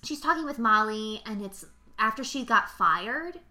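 A woman's voice: fairly high pitch, lively intonation, measured pace, bright, forceful tone. A young woman co-hosting a podcast, casually and animatedly retelling film scenes with lots of fillers. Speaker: podcast co-host.

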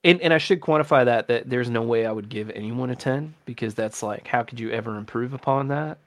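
A man from North America talks casually as a podcast guest, laid-back and quick to laugh. His mid-pitched voice has a gravelly edge, and the recording is dry. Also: dry recording. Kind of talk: casual chat.

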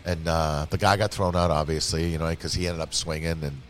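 A man's voice: a bass voice, brisk, slight background noise. A man talking casually and profanely, telling stories with lots of "you know what I mean" and acted-out quotes, as a regular of the show. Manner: profane, rambling, animated storytelling with acted quotes. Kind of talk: casual chat.

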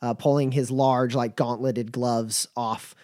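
Guy running a tabletop game, lots of uhs, slow, dry sound. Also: medium pitch, little pitch movement, darkish tone, no room sound. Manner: halting, many fillers. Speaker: game master.

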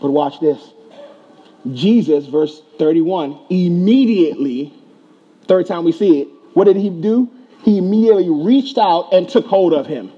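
A man's voice: sits high, measured pace, husky, muffled recording. A man preaching a sermon to a congregation, asking rhetorical questions and repeating key words for emphasis. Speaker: pastor.

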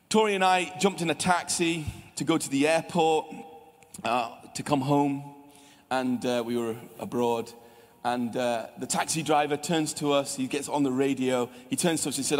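Chatty Scottish pastor in a reverberant church. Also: male voice, fairly high pitch. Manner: lively, chatty preaching with asides to the congregation. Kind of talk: sermon. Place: church hall.

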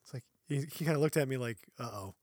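A man's voice: medium pitch, fairly even intonation, very fast, a little mellow, no room sound, studio quality. A middle-aged man co-hosting a podcast, rambling through casual chat, self-mocking and laughing often. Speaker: podcast co-host.

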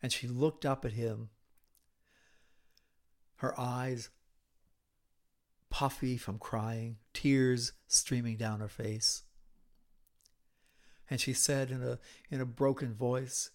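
A man preaching a sermon, retelling a scripture story dramatically with hushed, whispered moments. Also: mid-range voice, steady tone, takes it slowly, long pauses.

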